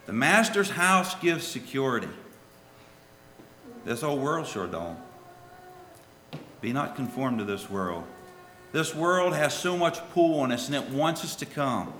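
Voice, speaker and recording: A man preaching a sermon and telling a children's story, swinging from soft, low asides to loud, high pleas. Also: sing-song, a little slow, long pauses. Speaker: lay preacher. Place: church. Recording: echoey hall with faint ambience.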